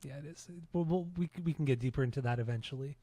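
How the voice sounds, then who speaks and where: A man's voice: mid-range voice, fast, mellow, no room sound. A man co-hosting a podcast, earnest and opinionated, with the odd curse word. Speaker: podcast co-host. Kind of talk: casual podcast chat.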